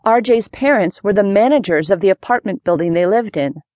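A woman's voice: medium pitch, expressive, brisk, mellow, no room sound. Woman narrating a children's book. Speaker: audiobook narrator.

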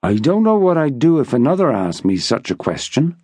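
A man voicing a gruff, stubborn old sailor who growls in rough dialect speech. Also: medium pitch, big pitch swings, brisk, a little mellow, no room sound.

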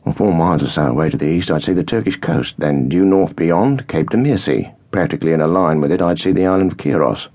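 A man's voice: low voice, quick pace, few pauses, darkish tone, voice pushed up. A man voicing a polite, eager young captain. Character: young, keen British army captain.

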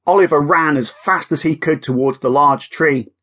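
A man narrating a children's audiobook in a lively, expressive way. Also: fairly high pitch, normal speed.

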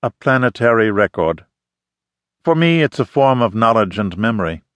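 A man's voice: lowish voice, big pitch swings, normal speed, no room sound. A man voicing an intense middle-aged woman photographer with a slight foreign accent and formal, emphatic phrasing, read in an audiobook. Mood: earnest. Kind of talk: audiobook character reading.

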